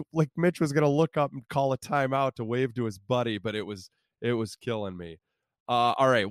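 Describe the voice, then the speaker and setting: A man's voice: mid-range voice, clear, resonant tone, no echo, studio quality. A man co-hosting a podcast, telling rambling, profane stories in casual sports chat. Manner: rambling, profane, self-interrupting. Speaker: podcast co-host.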